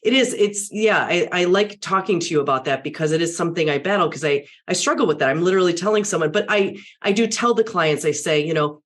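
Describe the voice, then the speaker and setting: Barky low-voiced woman coach. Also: fairly quick, few pauses. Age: middle-aged. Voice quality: deep, barky voice. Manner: animated, self-correcting, acts out client quotes. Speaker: media and public speaking coach. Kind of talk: casual interview conversation.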